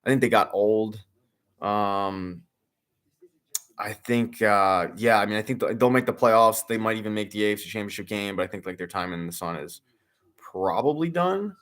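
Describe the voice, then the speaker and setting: A young man with a slightly low voice chats his way through a live game stream, jumping from topic to topic. He talks like an excitable fan, full of fillers, restarts and the occasional curse. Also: normal speed. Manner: rambling, filler-heavy, excitable sports fan, swears. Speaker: streamer hosting a sports watch-along. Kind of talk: casual live commentary and chat.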